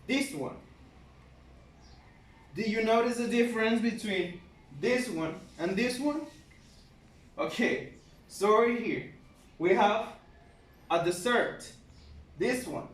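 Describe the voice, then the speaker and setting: A man teaching an English grammar lesson, slow and patient, spelling out letters one by one. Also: high voice. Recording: echoey room, mic at a distance.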